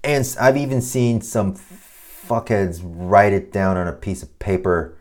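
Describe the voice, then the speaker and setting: A man's voice: fairly low pitch, unhurried. A man hosting a design podcast, giving casual advice in a loose, swearing, ranting monologue. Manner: swears a lot, ranting, mocks clients in put-on voices. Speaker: podcast host.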